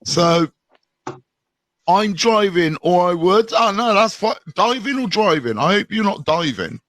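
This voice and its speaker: Lively, high-voiced man hosting a live stream. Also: unhurried, no echo. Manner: chatty, playful, teasing. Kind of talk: casual live-stream chat. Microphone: phone.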